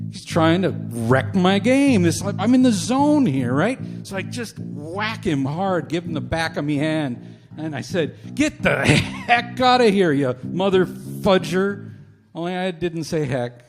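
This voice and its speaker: A middle-aged man at an open mic, telling a humorous personal story with animated comic suspense. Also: fairly high pitch. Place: community open mic stage. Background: guitar music.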